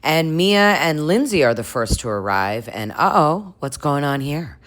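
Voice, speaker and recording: A woman's voice: sits low, big pitch swings, measured pace, a little hiss or hum. A woman chatting casually through a reality TV recap, crude and laughing often, mimicking the people she talks about. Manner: chatty and crude, laughs a lot, puts on voices for cast members. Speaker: recap vlogger.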